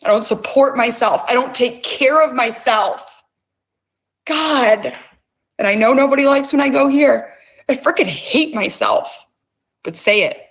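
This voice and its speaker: Her voice sits on the high side, animated and a touch slow, as the middle-aged host guides an emotional release session. She prods listeners along with intense phrasing and regular cursing.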